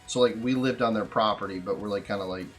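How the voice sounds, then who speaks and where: A young man co-hosting a casual podcast chat, telling profane, animated stories. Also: fairly low pitch, quick pace, faint music behind. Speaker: podcast co-host.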